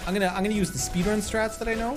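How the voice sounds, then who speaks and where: Excitable high-voiced male streamer. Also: very fast, loud music behind the voice. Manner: excitable, jokey, swears and laughs often. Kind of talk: casual live game commentary.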